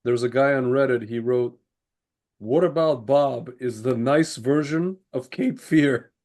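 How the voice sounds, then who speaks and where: A man's voice: medium pitch, unhurried, a little mellow. A man co-hosting a podcast, chatting casually in an offhand, easygoing way. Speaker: podcast co-host. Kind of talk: casual chat.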